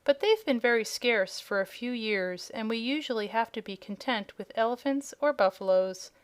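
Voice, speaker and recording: A woman voicing a proud, hungry young dragonette who speaks politely and regretfully, in a clear, smooth voice. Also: on the high side, normal speed, lightly acted. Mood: haughty polite. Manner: polite, regretful, slightly haughty. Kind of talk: audiobook character voice.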